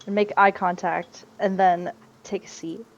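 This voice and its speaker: A woman's voice: medium pitch, steady tone, a little slow, dull audio, a little hiss or hum. A woman playing a tabletop game, speaking casually and in character. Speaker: player.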